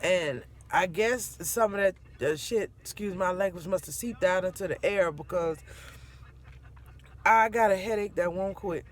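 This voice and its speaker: A middle-aged grandmother telling a family story to her viewers, animated and laughing as she goes. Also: on the low side, measured pace. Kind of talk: casual storytelling to camera.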